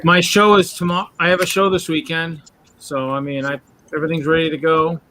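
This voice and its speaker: A man chatting offhandedly as a guest on a live stream, a bit halting. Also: on the high side, flat delivery, background noise. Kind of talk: casual live-stream chat.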